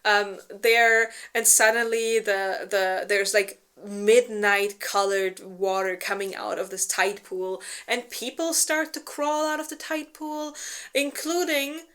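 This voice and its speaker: A woman's voice: mid-range voice, steady tone, slow pace, a bit bright, smooth. A woman co-hosting a book club, casually retelling a plot with lots of fillers, swearing and little acted-out quotes. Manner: rambling with many fillers and restarts, swears freely; acts out characters in exaggerated quoted voices. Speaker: book club co-host presenting a slideshow summary.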